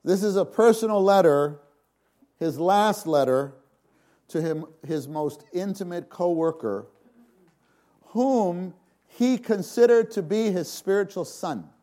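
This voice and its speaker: A man preaching a sermon, shifting from hushed, slow passages to sudden loud, dramatic exclamations. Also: high voice. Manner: slow, emphatic delivery.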